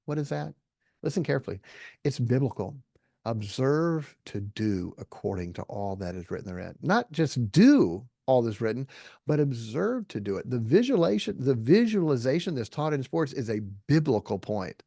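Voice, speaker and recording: A man's voice: medium pitch, big pitch swings, normal speed, vocal fry, dark tone, no echo, clean studio sound. A middle-aged man giving an earnest, folksy Christian talk to a live audience, often checking in with "okay?". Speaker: Christian speaker.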